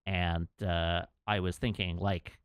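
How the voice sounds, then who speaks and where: A man's voice: low voice, little pitch movement, slow, smooth, no room sound. A man chatting casually on his livestream, laughing and reading out chat messages.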